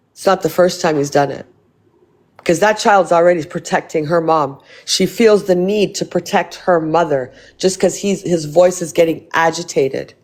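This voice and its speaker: Woman livestream host, angry rant, blunt, lots of swearing, repeats herself, phone mic. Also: lowish voice.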